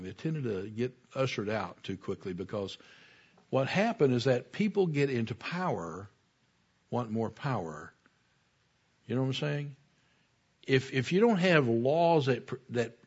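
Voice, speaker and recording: Man, preacher, conversational sermon, husky voice, muffled recording. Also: mid-range voice. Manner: conversational, digressive, asks the listeners questions. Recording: dull lo-fi recording.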